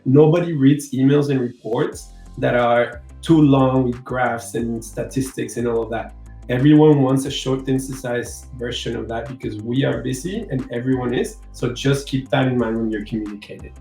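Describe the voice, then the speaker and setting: Gravelly-voiced man presenting in an echoey room. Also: mid-range voice, normal speed, mellow, faint music behind. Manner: hesitant, with fillers and self-corrections. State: unwell, needs cough medicine. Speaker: webinar presenter. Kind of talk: presentation wrap-up.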